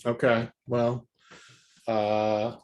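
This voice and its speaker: Slow, hesitant man playing a tabletop game. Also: mid-range voice, little pitch movement, darkish tone. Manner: hesitant, full of fillers and restarts. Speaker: player.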